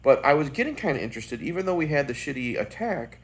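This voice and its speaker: A man's voice: a little high, sing-song, quick pace, slight background noise. A man giving a casual, profane and blunt review of a bad movie as the host of his channel.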